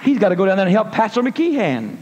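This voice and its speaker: A man preaching a sermon, telling a story in a folksy manner, calling listeners honey and rising to shouted praise. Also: high voice, wildly swooping pitch, fast talker, slightly rough, a faint crowd. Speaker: evangelist. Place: church. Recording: long reverb of a church hall.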